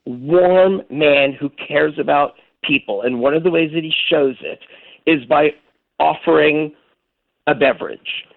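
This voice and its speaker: A man, a guest architect, telling a lively story on a radio call-in show, acting out the voices in his quotes. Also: a little high, measured pace, gravelly, no room sound. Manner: animated storyteller who acts out quotes. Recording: tinny phone line.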